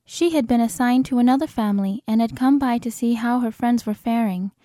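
A woman narrating an audiobook in a measured, dramatic style. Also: on the high side, dark tone, no echo, studio quality. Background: cinematic score.

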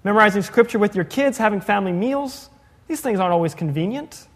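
Male pastor, conversational sermon, highish voice, long hall reverb. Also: lively intonation. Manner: conversational, asks the congregation questions, quick jokey asides. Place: church sanctuary.

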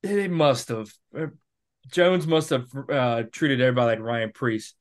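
A man in his thirties talks through his picks as a podcast co-host, thinking aloud and often restarting his sentences. His voice sits in an ordinary middle pitch. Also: animated, unhurried. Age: 30s. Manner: rambling, self-correcting, thinks aloud. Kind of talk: casual sports betting chat.

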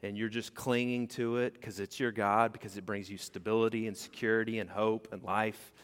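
A man preaching a sermon to his church, animated and conversational, acting out the voices he quotes. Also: lowish voice, a little fast, clean tone, long reverb tail. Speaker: pastor. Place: church sanctuary.

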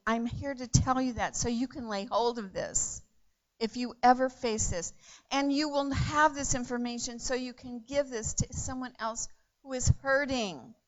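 A woman preaching a sermon in an earnest way, repeating phrases and swinging from hushed to loud. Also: high-pitched, a little slow, highs cut off.

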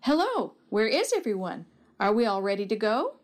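A cheerful, level-headed father speaks calmly and thoughtfully to his family, as a woman reads his lines. The storybook dad keeps an easy, reassuring tone. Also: medium pitch, normal speed, lightly acted. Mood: jolly. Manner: calm, thoughtful. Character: jolly, steady family father.

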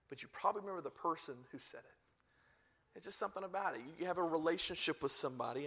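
A man preaching a sermon as a pastor, telling stories and acting out the people in them with lively energy. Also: on the high side. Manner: animated storytelling, acting out quoted lines.

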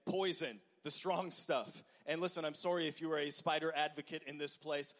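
Animated male pastor telling a story. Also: fairly high pitch, moderate pace. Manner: animated, frequent "okay?" asides, stammered restarts. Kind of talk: storytelling sermon.

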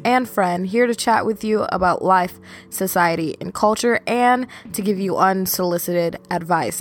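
A young adult woman hosting a podcast in a casual, rambling, self-deprecating chat. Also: mid-range voice. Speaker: podcast host.

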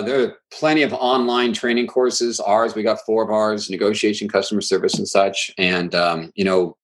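Guest trainer, male, lowish voice, animated anecdotal delivery with fast runs. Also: low-quality recording. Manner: animated storyteller, quick bursts. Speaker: claims training instructor, guest. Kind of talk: conversational interview.

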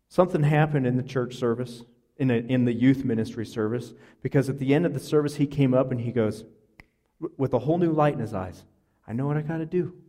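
A male pastor preaching from the pulpit, mid-pitched and conversational. He tells a story earnestly and often restarts his sentences, with plenty of fillers along the way. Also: mellow. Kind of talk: sermon with storytelling.

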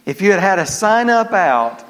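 Southern man, pastor preaching, high voice, calls for amens, long church reverb. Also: very animated, normal speed, a bit bright. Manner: call-and-response, asks congregation for amens. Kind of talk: sermon. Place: church sanctuary.

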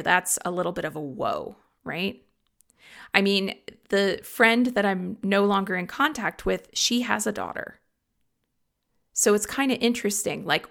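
Earnest woman with a creaky voice. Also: medium pitch. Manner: earnest, personal, gently confiding. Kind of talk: reflective solo talk.

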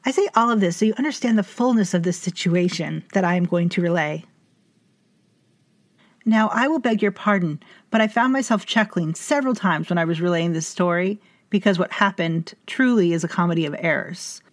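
Measured woman narrating a dry-witted tale. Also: lowish voice, no room sound. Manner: measured, formal, dry wit. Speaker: storyteller. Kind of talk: scripted fiction narration.

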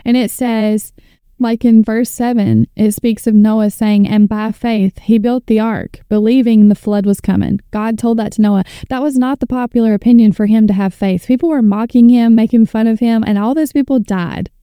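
Podcast host, woman, 30s, earnest and fired-up, slightly high pitch, smooth and resonant. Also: fairly even intonation, normal speed, dark tone, no echo, studio quality. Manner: fervent, earnest, preacher-like build-ups. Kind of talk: faith podcast talk reading scripture.

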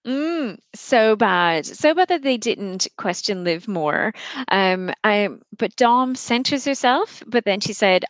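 A woman's voice: mid-range voice, animated, slow, dry recording. A woman co-hosting a podcast, chatting casually and acting out quotes in mocking voices. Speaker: podcast co-host. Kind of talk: casual recap chat.

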